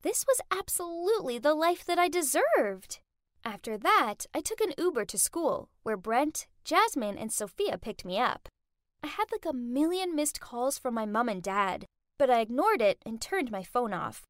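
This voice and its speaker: A woman's voice: sits high, sing-song, moderate pace, dry recording, studio quality. A woman narrating a first-person story in a dramatic, gushing way.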